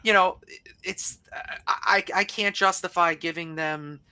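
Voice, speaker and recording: A man from Long Island calling into a show, chatting casually and ranting in halting, restarting phrases. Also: high-pitched, fairly even intonation, pushed and bright, smooth, dry recording. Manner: halting, restarts and repeated words while ranting. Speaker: caller. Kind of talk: casual chat.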